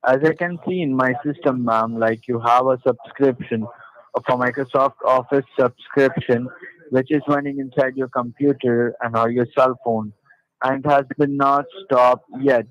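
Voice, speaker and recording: A man's voice: medium pitch, fairly even intonation, moderate pace. A man on a phone call as a call-center agent, reading formulaic lines and repeating "ma'am". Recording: dull lo-fi phone line.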